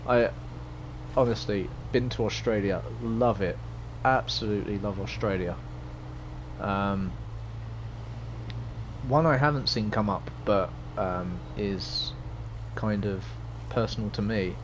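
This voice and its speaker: A young man with a lowish voice streams a driving game live against background noise. Chatty and hesitant, he rambles through casual commentary and reads viewers' chat aloud.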